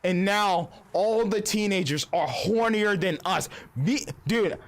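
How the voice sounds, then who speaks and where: A man's voice: high voice, takes it slowly. A young adult man streamer in a casual live-stream rant, profane and rambling, often slipping into quoted voices.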